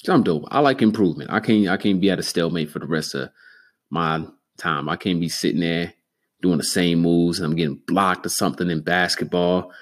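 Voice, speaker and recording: A man hosting a solo podcast, rambling and cursing freely, sometimes getting excitable. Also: low voice. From Denver, Colorado. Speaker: podcast host. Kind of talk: solo casual podcast monologue.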